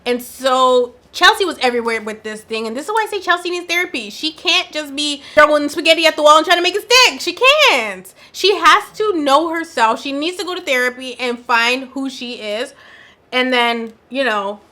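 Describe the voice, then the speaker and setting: A woman giving casual, opinionated commentary on a reality dating show, talking in an animated, slangy way. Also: high-pitched, normal speed. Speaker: reaction commentator.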